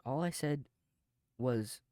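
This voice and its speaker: A man's voice: mid-range voice, takes it slowly, mellow, no echo. Chatty man reading posts aloud, dry sound. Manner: reads aloud then comments off the cuff, chuckling. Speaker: video host reading online posts. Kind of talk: casual reaction video.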